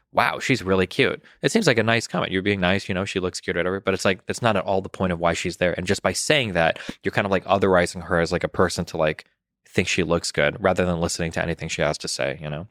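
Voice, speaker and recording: A man in his thirties talking as a podcast guest in casual conversation, quick and rambling, with many restarts and fillers. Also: sits low, fairly bright tone, no room sound, studio quality. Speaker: podcast guest, political commentator.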